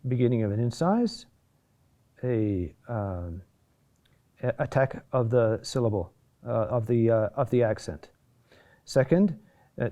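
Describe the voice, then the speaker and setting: Man, chant instructor, mellow tone, hesitant lecturing with frequent fillers. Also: mid-range voice. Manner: halting, many fillers and restarts, asks "huh?". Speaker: chant teacher.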